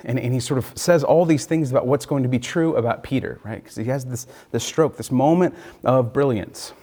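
A man preaching in a relaxed, conversational way, thinking aloud and often checking in with his listeners. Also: mid-range voice, fairly quick. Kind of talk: conversational Bible teaching.

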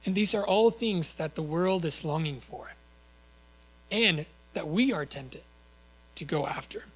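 Earnest male preacher, slightly high voice. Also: lively intonation, a little slow, a bit bright, poor audio. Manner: earnest, with rhetorical questions and small self-corrections. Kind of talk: sermon.

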